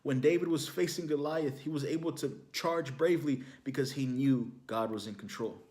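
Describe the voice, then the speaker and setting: A man's voice: mid-range voice, moderate pace, a little mellow. A young man from Houston giving an inspirational testimony message, telling a story casually with fillers like "you know, like". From Houston, Texas, USA. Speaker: ministry speaker.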